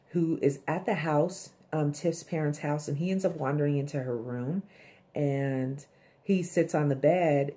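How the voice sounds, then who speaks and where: In a low, mellow voice, a woman casually recaps a TV episode as a reviewer. She's blunt and chatty, swears, and acts out the characters' lines.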